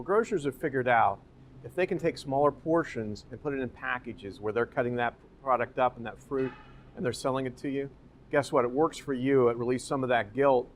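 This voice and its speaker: A man of middle pitch giving a walking tour of a grocery store, pointing out displays and posing rhetorical questions. He is recorded on the shop floor, with a faint rumble underneath. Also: fairly bright tone. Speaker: real estate company guide.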